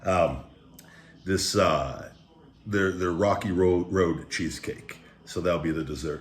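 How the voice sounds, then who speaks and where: A man's voice: deep voice, expressive, unhurried, reverberant. A man hosting a food review vlog at home, talking in a rambling, laid-back way and calling himself the big guy. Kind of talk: casual chat. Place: home room with pet dogs.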